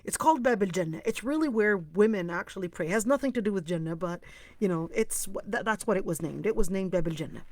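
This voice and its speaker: Lively woman teacher telling a story. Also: medium pitch, quick pace, dry recording. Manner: lively storyteller, acts out quoted dialogue. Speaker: Islamic teacher leading an online class. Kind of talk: storytelling lesson.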